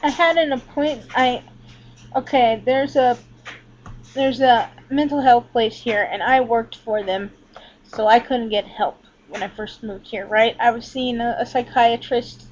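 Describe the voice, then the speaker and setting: A woman with a fairly high, slightly mellow voice talks a little slowly into her laptop at home in a casual webcam vlog, rambling candidly and swearing often. She leans back from the screen indoors. The laptop's built-in mic gives dull, lo-fi sound.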